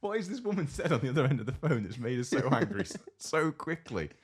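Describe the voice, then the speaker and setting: A man's voice: medium pitch, sing-song, fast talker, breathy edge. A man co-hosting a podcast, telling rambling, amused stories in casual chat. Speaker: podcast co-host.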